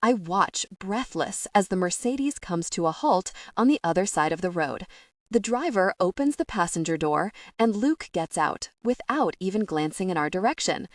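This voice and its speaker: A woman narrating a first-person comedy audiobook in an expressive, anxious way. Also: mid-range voice, moderate pace, no room sound, studio quality.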